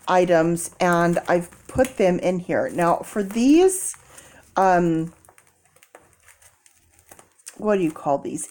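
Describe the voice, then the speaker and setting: A woman vlogging in a casual, animated storytelling way, acting out people in quoted voices and laughing often. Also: mid-range voice.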